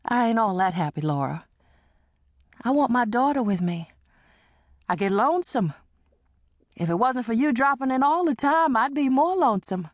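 A woman's voice: on the high side, sing-song, moderate pace, pauses often, dry recording, studio quality. A woman reading an audiobook and voicing a lonesome, weary middle-aged woman who talks in a plaintive, resigned way.

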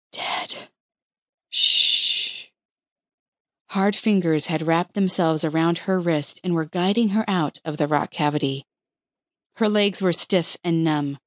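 A woman reads a novel aloud in a measured, expressive way. Her voice is lower than most and very unhurried. The recording is dry with no room sound. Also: dry recording. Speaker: audiobook narrator. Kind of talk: scripted narration of a historical romance.

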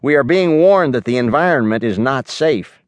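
A man's voice: mid-range voice, lively intonation, moderate pace, no room sound, lightly acted. An earnest science teacher, as a man puts him on lectures with an edgy, insistent tone. The recording is dry and close, with no room in it. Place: recording studio.

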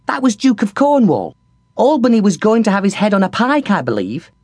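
A man voicing a shy, freckled young kitchen girl with a high giggly voice in an audiobook. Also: big pitch swings, fairly quick, darkish tone, husky, no room sound. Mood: teasing. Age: young adult.

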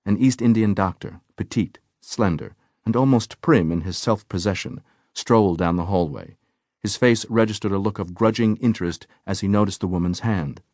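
A man reads scripted audiobook narration in a measured, even way. His voice is on the low side, and the recording is clean studio sound with no echo.

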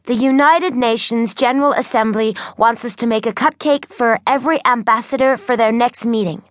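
A woman voicing an excitable, theatrical ten-year-old boy in a children's audiobook. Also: on the high side, moderate pace, no room sound, clean studio sound, close to an everyday voice. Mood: playful. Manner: theatrical, playful. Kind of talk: audiobook character voice.

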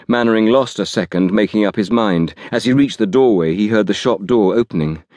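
A man reading an audiobook thriller aloud in a measured, dramatic storytelling manner. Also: on the low side, a little mellow, no room sound. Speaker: audiobook narrator. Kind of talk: scripted narration.

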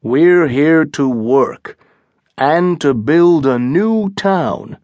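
A man's voice: fairly high pitch, animated, drawn-out words, darkish tone, no echo. A man reading a stern, blunt colony leader. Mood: firm. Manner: firm and blunt. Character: stern, commanding male English colony leader. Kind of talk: audiobook character reading.

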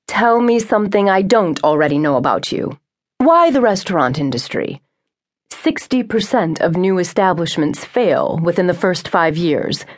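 A woman playing a calm, poised woman boss. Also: on the low side. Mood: measured. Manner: calm, measured, gently firm. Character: poised, silver-haired woman boss, composed and kind.

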